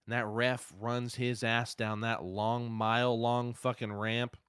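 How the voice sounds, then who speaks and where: A man co-hosting a casual wrestling podcast, speaking at a middle pitch. He is excitable and swears freely, jumping from loud bursts to low asides. The recording is dry and close, with no room sound. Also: a little slow, hardly any pauses, clear, resonant tone, no echo. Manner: excitable, profane, swings loud and soft. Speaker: podcast co-host.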